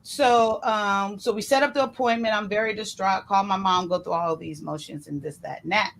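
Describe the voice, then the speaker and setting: A woman casually telling a personal story in an animated way, acting out what others said to her. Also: a little fast, noisy background. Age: adult. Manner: animated, re-enacts others' words with shifting pitch.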